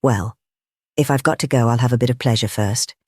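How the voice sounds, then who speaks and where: A man voicing a big, gruff secretary with a hard, ringing delivery. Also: medium pitch, fairly quick, a little mellow, no room sound, studio quality, lightly acted. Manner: gruff, ringing when defiant. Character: huge, gruff, defiant male secretary.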